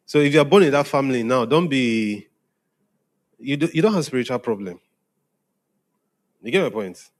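A man's voice: medium pitch, animated, normal speed, pauses often. A man, a pastor preaching to young people in a conversational way, often checking if they follow. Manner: conversational preaching, often asking "are we together?". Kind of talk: sermon to young congregation.

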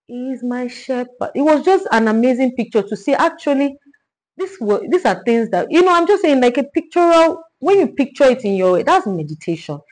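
A woman leading a Bible study, teaching in an animated way, repeating herself and asking rhetorical questions. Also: mid-range voice, poor audio.

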